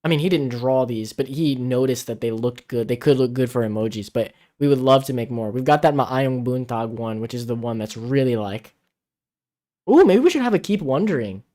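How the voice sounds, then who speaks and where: A man's voice: medium pitch, expressive, moderate pace, warm tone. A man co-hosting a casual livestream from home, chatting and reading viewer comments aloud. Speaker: livestream co-host. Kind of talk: casual live-stream chat. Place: home in the Philippines. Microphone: camera-mounted mic, out of frame.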